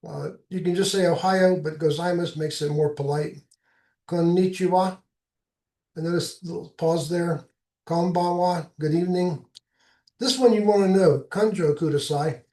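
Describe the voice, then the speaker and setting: A man giving an informal slide presentation as a presenter, explaining in a halting, plainspoken way. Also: a little high, darkish tone, far from the mic. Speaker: presenter giving a travel talk. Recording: echoey room sound.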